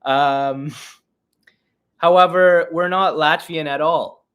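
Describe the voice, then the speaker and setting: A man's voice: a little high, fairly even intonation, slow, a bit bright, clean tone. A man in his twenties from Canada, a comedian rambling and joking his way through a casual livestream Q&A. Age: 20s. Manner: rambling, joking, self-deprecating. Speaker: comedian and podcast host.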